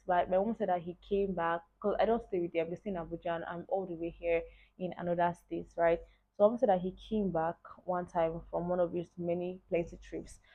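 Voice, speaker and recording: A Nigerian vlogger in her twenties with a Nigerian accent and a lowish voice tells a personal story. She's casual and animated, speaking straight to the viewer with repeated asides and frequent check-ins. The audio is tinny and lo-fi, like a phone.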